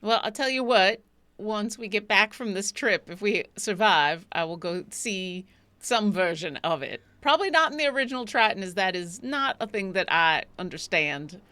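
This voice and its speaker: A woman playing a tabletop game in character, speaking in a formal, measured way. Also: medium pitch, expressive, bright, forceful tone, no echo. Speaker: player.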